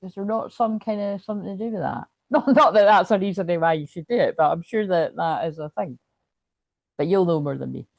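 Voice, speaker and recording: A woman's voice: on the low side, fairly quick, vocal fry, a little mellow, no echo. A woman hosting a spiritual astrology livestream, rambling and chatty as she reads viewer comments. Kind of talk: casual livestream chat.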